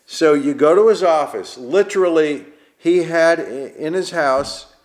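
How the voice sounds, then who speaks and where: New comedian spinning anecdotes. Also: male voice, on the high side, unhurried. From Queens, New York. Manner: animated storyteller, acts out quoted voices. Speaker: stand-up comedian guest. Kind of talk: casual interview storytelling.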